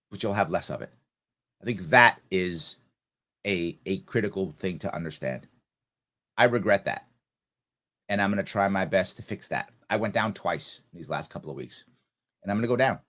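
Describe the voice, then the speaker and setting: A man in his forties with a somewhat low voice talks straight to his listeners in a heartfelt personal monologue. He speaks earnestly, repeats his points for emphasis, and lets real emotion come through as he hosts his show. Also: expressive, moderate pace, pauses often, a bit bright. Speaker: show host.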